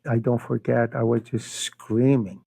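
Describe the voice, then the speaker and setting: A middle-aged man tells his faith story slowly and earnestly, stumbling over repeated words as feeling builds. His voice sits at an ordinary pitch, recorded close and dry with no room around it. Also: level tone, gravelly, mellow, breathy edge, dry recording, poor audio. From Iran. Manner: earnest, emotional storytelling with frequent word repeats. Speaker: podcast guest. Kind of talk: personal faith testimony.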